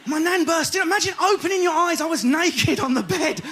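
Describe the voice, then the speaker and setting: A man with an Essex accent doing a fast, animated stand-up comedy set on stage, often bursting into shouts. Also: very high-pitched. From Essex, England. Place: comedy stage before an audience.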